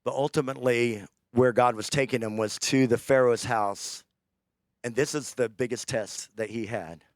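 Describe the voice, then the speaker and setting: A man preaching a sermon, telling a scripture story with animated, acted-out character lines. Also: mid-range voice, normal speed, dry recording, clean studio sound.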